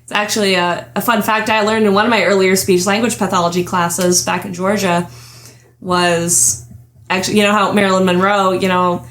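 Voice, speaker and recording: A woman's voice: lowish voice, fairly even intonation, fairly quick, a bit bright. A young adult woman hosting a casual podcast chat, chatty and giggling often as she trails off and restarts her thoughts. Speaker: podcast host.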